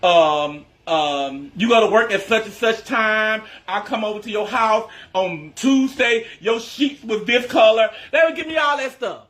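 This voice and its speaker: A man's voice: sits high, unhurried, few pauses, fairly bright tone. A man who creates social media content, telling a casual story to his followers in a chatty, emphatic way and addressing them as y'all.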